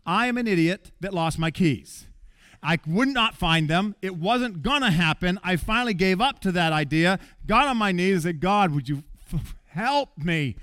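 A man preaching a sermon in an animated way, jumping between loud bursts and quiet asides. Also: high voice, moderate pace, clear, resonant tone, no room sound, studio quality.

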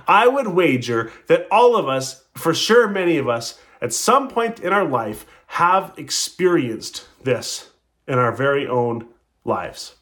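A man's voice: on the high side, sing-song, slow, a bit bright. A man preaching a sermon, retelling a story in a conversational way and acting out the quotes with rising and falling emphasis. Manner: conversational, with restarts. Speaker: pastor.

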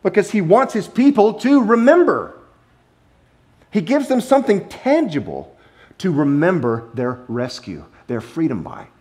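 A man delivers a Sunday sermon in a relaxed, talk-it-through way, full of laughs and slowed-down emphasis. His voice sits a bit above the usual for a man and leaps around freely in pitch. He preaches in a church. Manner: conversational and animated, with playful laughs and drawn-out emphasis. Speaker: pastor. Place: church sanctuary.

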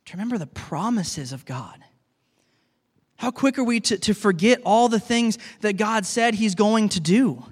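A man's voice: high-pitched, expressive, a little slow, breathy edge. A man who is a pastor, preaching a sermon in an earnest, conversational way and talking to the congregation as guys. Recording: long reverb of a large hall.

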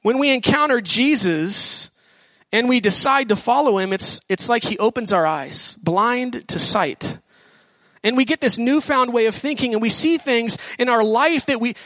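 Bright-voiced young-sounding male preacher. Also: very high voice, animated, moderate pace, no room sound. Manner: casual, slangy preaching with acted-out voices. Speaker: student pastor. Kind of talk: sermon.

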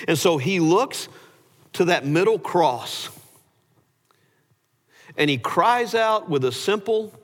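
A man preaching a sermon, animated, his voice rising sharply when he voices quoted words. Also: a little high. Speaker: pastor. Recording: hall reverb.

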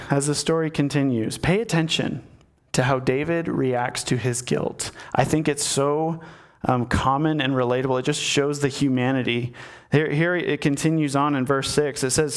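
This preacher has a mid-range voice and keeps a moderate pace. His sermon unfolds as a conversational story told right to the listeners, with him acting out the characters.

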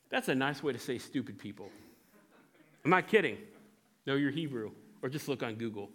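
A man preaching a sermon, telling stories in an animated way with frequent restarts. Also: medium pitch, normal speed. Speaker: pastor.

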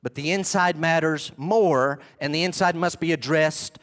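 A man's voice: fairly high pitch, moderate pace, fairly bright tone. A man preaching a sermon as a pastor, in a conversational way with emphatic bursts and asides.

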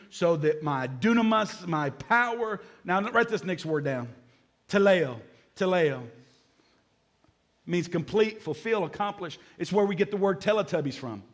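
A man preaching a sermon as pastor, energetic, repeating key words and joking with the congregation. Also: high-pitched.

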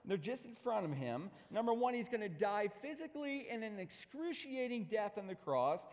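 A middle-aged man preaching a sermon as pastor, emphatic, swinging between loud declarations and hushed asides. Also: high-pitched, very animated, normal speed. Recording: long hall reverb.

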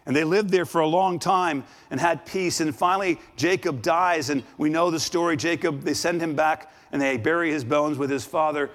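A man preaching a sermon as a guest preacher, dramatic, swinging from loud exclamations to hushed asides. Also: fairly high pitch, steady tone, moderate pace, few pauses. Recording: long reverb of a large hall.

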